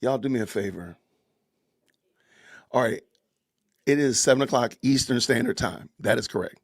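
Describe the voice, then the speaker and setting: A middle-aged man with a drawl hosts a casual livestream, chatting loosely with his viewers and laughing often. His voice is gravelly and a bit husky. The sound is dry and close, with little room around it. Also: medium pitch, moderate pace, dry recording. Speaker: podcast host. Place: home, family heard in the kitchen.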